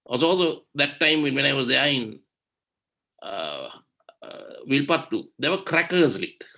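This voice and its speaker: A man's voice: medium pitch, animated, a little slow, sharp tone. A man giving an impassioned webinar talk on environmental law, indignant and full of rhetorical questions, over a video call. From Sri Lanka.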